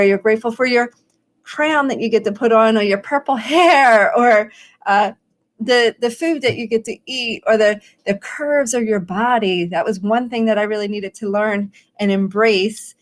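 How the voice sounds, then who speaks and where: A woman life coach talking on a live stream, encouraging and rambling a little, acting out the questions she wants viewers to ask themselves. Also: fairly high pitch. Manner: encouraging, rambling with restarts and quoted self-questions. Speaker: life coach hosting a daily challenge.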